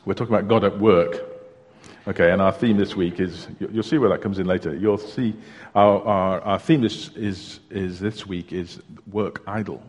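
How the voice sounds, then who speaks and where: A man preaching a sermon in a church, telling stories in a chatty, unhurried way with small hesitations. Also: sits low, fairly even intonation, darkish tone. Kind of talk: sermon with a joke. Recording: long reverb of a church hall.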